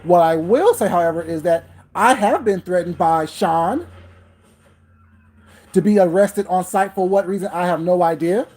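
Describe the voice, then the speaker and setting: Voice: medium pitch, moderate pace, darkish tone. A livestream host delivering a heated, confrontational rant, repeating points and breaking off to greet viewers by name.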